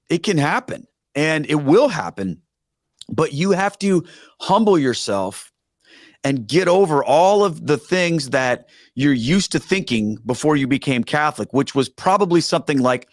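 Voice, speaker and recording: A middle-aged man, a former pastor, telling stories as a guest on a talk show in an earnest, emphatic way with animated asides. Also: fairly high pitch, normal speed, no echo, studio quality. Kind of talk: conversational storytelling.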